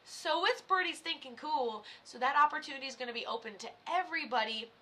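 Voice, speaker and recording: A woman's voice: on the high side, pushed and bright, a little hiss or hum. A woman from Florida, a medium live-streaming in a casual, chatty way, swearing now and then and talking straight to viewers. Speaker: psychic medium livestreamer.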